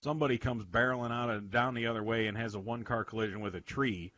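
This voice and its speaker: A wisecracking man talks fast with a bright, sharp voice on a casual talk radio show. His pitch jumps around a lot, and the sound is slightly dull and lo-fi. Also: slight background noise. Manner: wisecracking, crude, lively.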